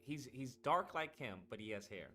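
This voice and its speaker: Bright, animated streamer man. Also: mid-range voice, moderate pace, faint music behind. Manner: rambling and profane, talking to chat. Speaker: streamer host. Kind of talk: casual live-stream chat.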